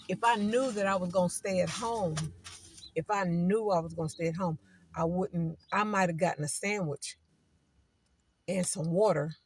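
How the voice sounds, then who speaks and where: A woman's voice: fairly low pitch, slight background noise. A woman talking casually to her viewers, emphatic and repeating words as she lectures, then chats. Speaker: vlogger. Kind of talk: casual vlog talk to viewers.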